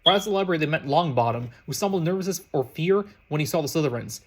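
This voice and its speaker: A man reading fan fiction aloud, quick, often stumbling and restarting words. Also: a little high, lively intonation. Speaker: reader.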